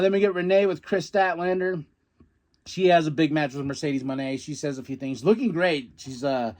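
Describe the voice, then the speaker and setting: A man hosting a podcast, casually recapping a wrestling show, excitable, acting out quotes and laughing often. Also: a little high. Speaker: podcast host.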